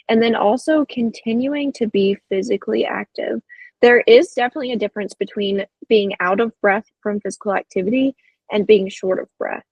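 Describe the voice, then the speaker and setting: A woman's voice: medium pitch, vocal fry, dry recording, poor audio. A woman co-hosting a health podcast, talking casually and encouragingly with frequent fillers. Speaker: podcast co-host.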